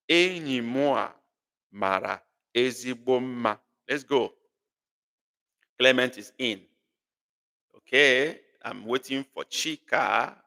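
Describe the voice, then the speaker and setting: Nigerian male tutor, bright and forceful, playful, calls students by name, long room reverb. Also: medium pitch. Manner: teasing, repeats phrases, calls on students by name. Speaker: language tutor. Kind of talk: live online class.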